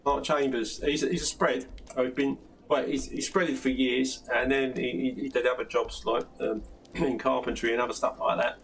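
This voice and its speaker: An older man chats through a live stream, laughing often and restarting his sentences as he goes. His voice is gravelly, and he sits a little back from the mic. A faint hiss of noise runs under him. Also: mid-range voice, steady tone, normal speed, fairly bright tone. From South London. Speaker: live stream host answering plastering questions. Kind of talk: casual live stream chat. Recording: slightly distant mic with faint background noise.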